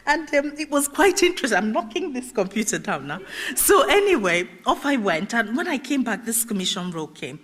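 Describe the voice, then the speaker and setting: Woman, middle-aged, festival speaker, personal story, animated, laughs a lot, very lively melody. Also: a little high, brisk. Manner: animated, laughs often, acts out quoted dialogue. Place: festival stage.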